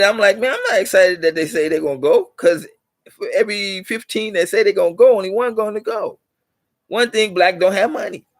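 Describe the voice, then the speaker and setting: Middle-aged guy on his channel, kinda preachy, rambles and repeats himself, slightly high voice, dry close sound. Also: dry recording. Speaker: channel host. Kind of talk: casual monologue to viewers.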